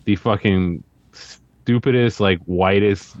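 Man, low voice, casual podcast chat, muffled dry audio. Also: slow, darkish tone, dry recording. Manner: laid-back, swearing, filler-heavy. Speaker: podcast co-host and guest.

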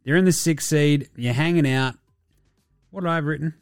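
A man's voice: a little high, normal speed, smooth, no room sound, studio quality, faint music behind. A young Australian man hosting a casual basketball chat, swearing and joking as he rambles through the standings. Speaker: basketball podcast host.

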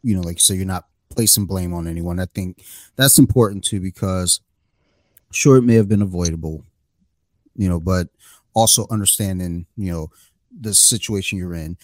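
Podcast host, male, low voice, dry close sound, easygoing self-deprecating chatter. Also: moderate pace, no room sound. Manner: relaxed, self-deprecating storyteller. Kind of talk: casual chat.

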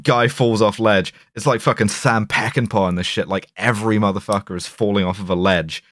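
A man's voice: fairly low pitch, fairly quick, no echo. A man casually recapping a film on a podcast, rambling and swearing, acting out lines. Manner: profane, rambling, animated recap with quoted voices. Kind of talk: casual chat.

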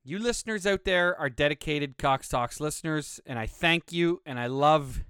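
A young man rambles through a solo podcast, cursing freely and poking fun at himself. His pitch sits a little high and his voice comes through smooth and clear. He sounds slightly out of breath, in a dry, close room. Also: normal speed, fairly bright tone, no echo. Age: young adult. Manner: casual, profane, rambling, self-mocking. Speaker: podcast host. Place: home studio room.

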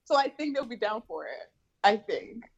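Sassy, lively woman with a husky voice. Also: on the high side, moderate pace, lo-fi sound. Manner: sassy, jokey. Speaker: podcast co-host. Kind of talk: casual chat.

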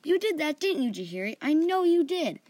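A woman's voice: high voice, sing-song, a little fast, darkish tone, no room sound, pitched above the performer's own voice. A woman voicing a young man in a wild panic, shrieking at imagined goblins in a spoken story. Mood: accusing. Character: panicked young man Archie, frantic dreamer.

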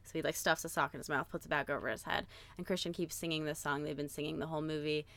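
A young woman with a notably low-pitched voice talks through a film's story in a relaxed podcast chat. She fills her sentences with "like" and lets the odd swear word slip as she builds the tension. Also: fast talker. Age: young adult. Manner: animated storyteller, frequent "like", swearing. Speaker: podcast co-host. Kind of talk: casual chat, retelling a film plot.

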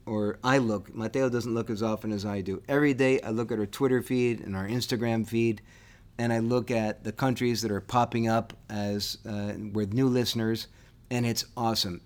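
A man's voice: lowish voice, steady tone, normal speed. A man co-hosting a history podcast in casual chat, enthusiastic and eager as he wraps up the episode. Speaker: podcast co-host.

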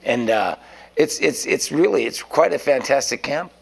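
A man's voice: mid-range voice, expressive, normal speed, vocal fry, husky. A man preaching an informal sermon in a rambling, folksy way, often restarting his sentences.

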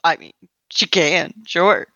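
Female player, gravelly and bright, lo-fi dry recording. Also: lowish voice, no echo. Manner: playful, laughing, quick to chime in. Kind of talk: casual tabletop play.

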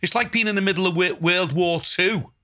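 Older Liverpool bloke, podcast host, bright and sharp-toned, blunt and sweary, talks a touch high. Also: male voice, brisk. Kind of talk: casual chat.

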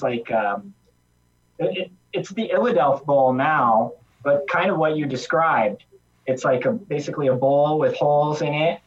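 Hesitant man on a distant, muffled mic. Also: mid-range voice. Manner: relaxed, hesitant, with many ums and restarts. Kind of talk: casual chat.

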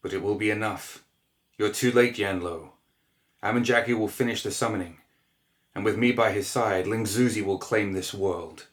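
Brief: a male reader doing a gloating old plague demon, low, mocking storybook villain. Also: moderate pace, close to an everyday voice. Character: gurgling plague demon, old, taunting, cruel.

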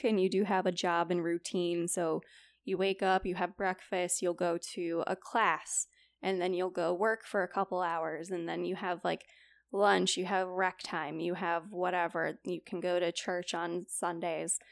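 This podcast co-host, a young woman with a fairly low voice and no room sound, chats casually while presenting a report. Her stories come with quoted lines and lots of "like."

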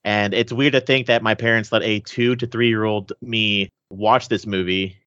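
A low-voiced man from Texas chatting on a podcast. He rambles and corrects himself as he tells a story. His lo-fi mic sounds dull and dry. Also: steady tone, moderate pace, sharp tone, no echo. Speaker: podcast co-host. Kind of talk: casual movie podcast chat. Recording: muffled lo-fi mic.

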